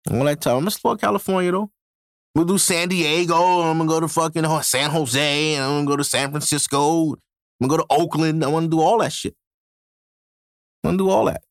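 A man's voice: a little high, fairly even intonation, brisk, no echo, clean studio sound. A man hosting a casual solo podcast, talking in loose, profane street slang and laughing often between thoughts. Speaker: podcast host. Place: home podcast setup in New York.

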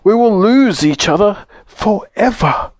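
A timid little toy doll in a storybook, her voice lifted and careful, read by a man. Each line is slow and sweeping in pitch. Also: big pitch swings, no room sound.

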